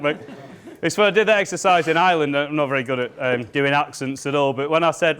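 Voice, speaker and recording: A man running a live sales training session for an audience, upbeat and joking as he gives brisk instructions. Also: fairly high pitch, fairly bright tone. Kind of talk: live workshop talk to an audience. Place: event room with an audience.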